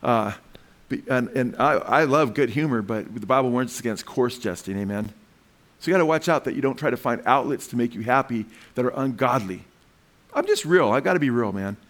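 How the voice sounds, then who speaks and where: A man's voice: mid-range voice, lively intonation, brisk, fairly bright tone. Male pastor, casual sermon delivery, acts out everyday voices, frequent call-and-response. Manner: conversational preaching, calls out "amen?" to the congregation; acts out quoted voices of tempted people.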